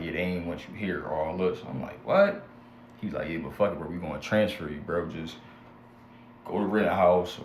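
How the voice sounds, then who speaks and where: Deep-voiced young man with a slangy storytelling style. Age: young adult. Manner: animated, slangy retelling that acts out both sides of each exchange. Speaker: vlogger telling his own story. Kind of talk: casual storytime rant. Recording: echoey room with faint background hum.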